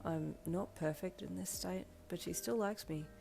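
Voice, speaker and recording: A woman voicing a sleepy, easygoing young man who talks in a soft, mumbling way. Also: lowish voice, moderate pace, vocal fry. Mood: drowsy.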